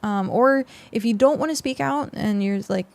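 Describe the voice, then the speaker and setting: A woman's voice: fairly high pitch, moderate pace, creaky, darkish tone, no echo. A young adult woman streamer chatting casually with her viewers on a close mic, rambling with lots of fillers. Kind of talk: casual livestream chat with viewers.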